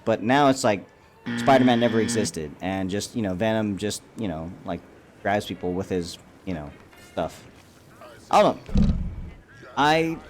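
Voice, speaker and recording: A man with a fairly low voice talks through his thoughts on a film trailer in a loose, profane, stop-and-start way. He keeps circling back with fillers and restarts, and a faint hiss sits under the recording. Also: a little mellow. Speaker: YouTube commentator. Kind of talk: casual reaction monologue.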